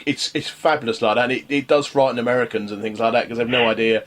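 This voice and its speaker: Imagine a man from London hosting a local radio interview. His voice sits mid-pitch, and he circles around his questions, stumbling and restarting often. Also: fairly even intonation, fast talker, fairly bright tone. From London, England. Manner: rambling, full of restarts. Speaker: radio host.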